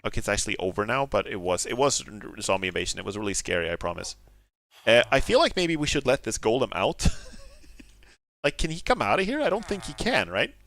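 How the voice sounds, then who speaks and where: A gaming streamer gives casual gameplay commentary in a medium-pitched, sing-song, brisk, slightly bright voice. He giggles often, swings between mumbled asides and sudden alarmed outbursts, and apologizes sheepishly.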